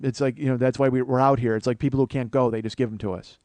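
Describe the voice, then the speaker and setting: A man's voice: mid-range voice, steady tone, fast talker, hardly any pauses, mellow, clear, resonant tone, no room sound. A man, a comedian hosting his own show, telling a long story and acting out the other people's voices. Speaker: comedian host. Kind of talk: storytelling monologue.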